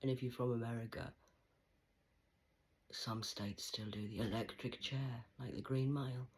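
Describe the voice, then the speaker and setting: A woman in a rambling monologue to camera, swearing often and swinging between loud outbursts and hushed whispers. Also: a bass voice, steady tone, moderate pace, low-quality recording.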